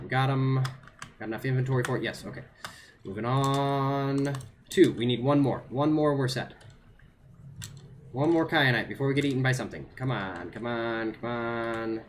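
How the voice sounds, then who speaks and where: A man's voice: medium pitch, moderate pace, long pauses, a little hiss or hum. A man streaming a video game, talking to himself and his chat in a nervous, repetitive way. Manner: nervous self-talk, repeats phrases under pressure. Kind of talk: live gameplay commentary to chat.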